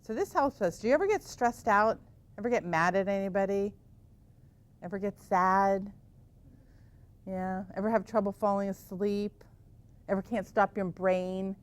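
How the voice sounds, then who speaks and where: A woman teaching yoga to children in a gentle, encouraging way, asking them lots of questions. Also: medium pitch, expressive, normal speed.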